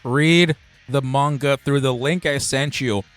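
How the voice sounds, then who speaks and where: A mid-pitched man chatting casually as co-host of a let's play. He gives blunt, offhand opinions and coughs now and then. Faint music plays behind him. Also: a little slow, a bit bright. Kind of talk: casual gaming chat.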